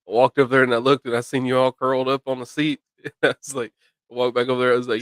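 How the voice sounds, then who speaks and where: A man's voice: mid-range voice, little pitch movement, very fast, fairly bright tone, dry recording. A man, joining the casual chat with easygoing, chuckling remarks. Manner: easygoing, chuckling, short replies.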